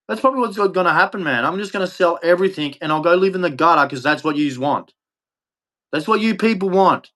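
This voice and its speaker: Angry Australian man ranting, fairly high voice. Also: fast, fairly bright tone. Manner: bitter, profane, repeats himself. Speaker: vlogger.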